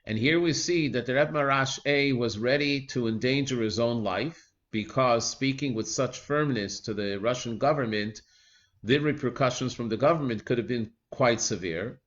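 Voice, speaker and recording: A man of middling pitch recounts a teaching story with earnest, measured delivery. He pauses often and fills gaps with soft hesitations. The recording is dull and lo-fi, with the top end rolled off. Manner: measured, earnest retelling with frequent pauses and "uh" fillers.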